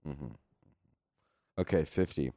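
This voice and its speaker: A man hosting a casual podcast chat, reading out quiz questions and needling his co-host in a deadpan, teasing way. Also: rumbling low, takes it slowly.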